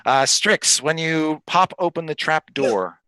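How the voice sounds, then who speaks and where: A man narrates a tabletop game as its dungeon master, amused and lively. His voice is bright and moves a lot in pitch. The sound is dry and close to the mic. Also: a little slow, no echo.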